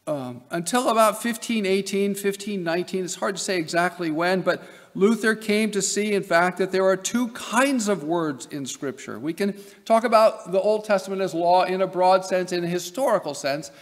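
A man from Nebraska giving an academic lecture as a seminary professor, emphatic, with wry asides. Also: sits high. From Nebraska, USA. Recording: long hall reverb.

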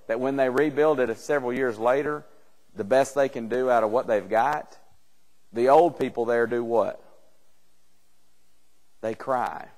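A man's voice: medium pitch, darkish tone, long reverb tail. A man teaching a church Bible class in an earnest, conversational way, often repeating words as he builds a point.

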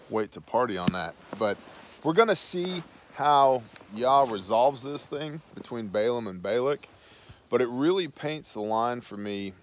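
A man's voice: on the low side, slight background noise. A man hosting a Bible study, reading scripture aloud and then dropping into slangy, casual asides.

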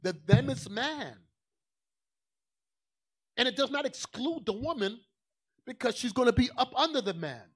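A man with a fairly high voice preaching a sermon. He talks in a loose, colloquial way and leans hard on his points. He drops into quiet asides, then climbs back up to shouting. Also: expressive, unhurried, pauses often, breathy edge.

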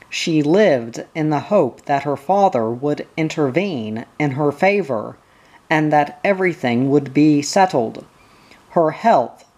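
An audiobook reader reading a history book aloud in a slow, measured, even way. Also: mid-range voice.

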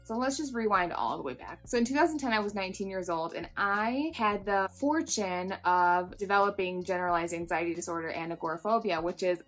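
A woman's voice: mid-range voice, animated, a little fast, hardly any pauses, fairly bright tone, faint music behind. A woman in her twenties, a makeup artist vlogging at home in a chatty, self-deprecating way, swearing freely, with a nasal voice. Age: 20s. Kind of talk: casual chatty storytime.

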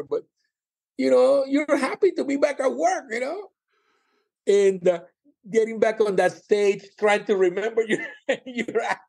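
A man, a comedian and former cruise director, telling stories in a casual interview, animated and laughing often. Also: high-pitched, gravelly.

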